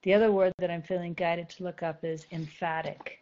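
A woman giving a spiritual talk to a group, gentle and thoughtful, repeating key phrases slowly to let them sink in. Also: lowish voice, steady tone, highs cut off. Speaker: spiritual teacher.

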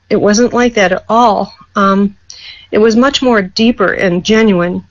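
A woman's voice: medium pitch, measured pace. Hesitant, sincere woman on dull call audio. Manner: hesitant, many fillers, sincere. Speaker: participant sharing a testimony. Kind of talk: heartfelt group sharing.

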